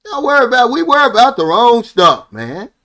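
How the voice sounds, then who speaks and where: Man, high-pitched voice, middle-aged, rambling casual monologue, heartfelt, keeps saying "man". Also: sing-song, brisk, sharp tone. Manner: rambling storytelling, ends many phrases with "man"; heartfelt, earnest. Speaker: vlogger living abroad.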